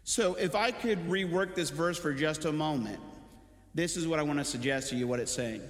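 Pastor, male, fairly high voice, chatty lively preaching, echoey church hall. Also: normal speed. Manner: conversational, animated preaching with asides. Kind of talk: sermon.

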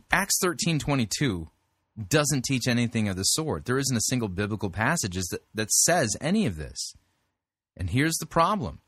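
A man's voice: mid-range voice, a bit bright, no room sound, clean studio sound. A man hosting a sermon review show, giving blunt, corrective commentary on a preacher's clip.

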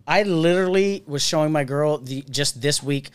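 A man's voice: a little high, normal speed, clear, resonant tone. A man hosting a casual podcast chat, blunt and joking, acting out quotes as he tells stories. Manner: blunt, joking, animated storyteller who acts out quotes. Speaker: podcast host.

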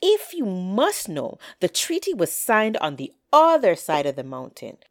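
A woman voicing a sly, smooth-talking male trickster coyote who wheedles and coaxes excitably. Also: medium pitch, a little slow, no room sound, clean studio sound. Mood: wheedling.

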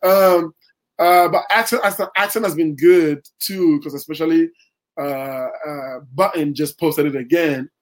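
Guest poet, male, chatty and rambling, voice a touch high. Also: measured pace, rough recording. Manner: rambling, many fillers and restarts. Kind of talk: casual interview talk.

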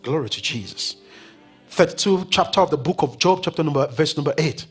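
A male pastor preaching a sermon in a church, swinging from loud declarations to hushed, whispered words. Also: on the high side, animated, a little fast, husky. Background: faint keyboard music.

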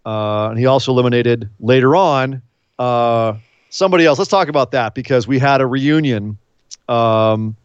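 Man, podcast co-host, excitable and emphatic, dull dry recording. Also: mid-range voice, normal speed, clean tone, no echo. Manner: excitable, gets choked up, emphatic. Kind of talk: casual wrestling recap chat.

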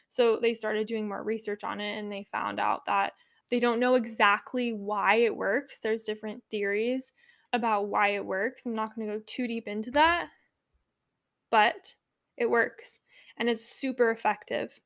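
A woman's voice: a little high, fairly even intonation, moderate pace, a bit bright. A young woman hosting a podcast in a casual monologue, talking candidly with lots of "like", swearing easily and correcting herself as she goes. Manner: chatty, heavy use of "like", candid and swears casually; self-correcting, laughs at own slips. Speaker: podcast host.

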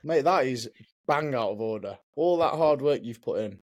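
A man's voice: medium pitch, expressive, moderate pace, darkish tone. A man co-hosting a casual podcast chat, teasing his friend and calling him mate. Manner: teasing, says "mate" a lot. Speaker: podcast co-host.

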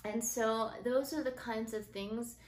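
Earnest mom podcaster in a roomy space. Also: female voice, on the high side, fairly even intonation, a little slow. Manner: earnest, gentle, with soft fillers and restarts. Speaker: podcast host. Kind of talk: casual faith-based parenting talk. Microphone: built-in phone mic. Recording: roomy phone recording with faint noise.

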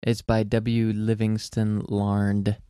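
A young man with a mellow, dark, smooth voice reads aloud in an earnest, measured way. He is recorded close on a dry podcast mic, with no room sound. Between readings he talks casually as a co-host. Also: lowish voice, completely flat delivery, dry recording.

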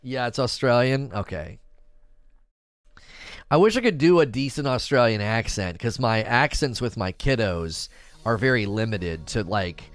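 Animated middle-aged male streamer. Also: mid-range voice, unhurried, dry recording, studio quality. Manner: animated, chatty, addresses viewers directly. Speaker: gaming news livestreamer. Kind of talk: casual livestream chat.

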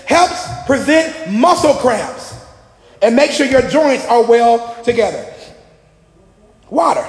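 High-voiced, gravelly man preaching in an echoey hall. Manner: energetic and joking, often shouting to the congregation. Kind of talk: lively sermon. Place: church hall. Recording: echoey hall with long reverb.

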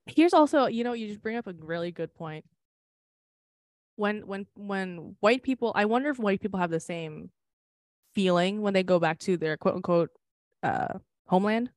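A woman's voice: mid-range voice, animated, moderate pace, long pauses, darkish tone, no room sound, clean studio sound. A young woman co-hosting a podcast in casual chat, laughing often and swearing freely as she talks. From Philippines. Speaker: podcast co-host.

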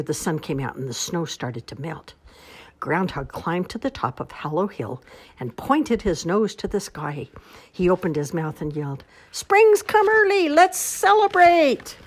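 Woman reader for a children's storybook, low voice, very animated pitch, slow expressive telling. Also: slightly rough. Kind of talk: children's storybook read-aloud.

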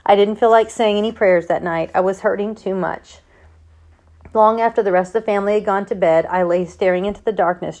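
A woman reading a novel aloud in first person, in a steady way with small stumbles and self-corrections. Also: medium pitch. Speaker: audiobook reader.

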